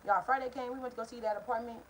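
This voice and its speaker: A woman's voice: a little high, fairly even intonation, racing, slight background noise, poor audio. A young woman, telling a candid, heated story straight to her viewers in a casual storytime vlog from her apartment, swearing freely. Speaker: vlogger. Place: hot apartment room, indoors.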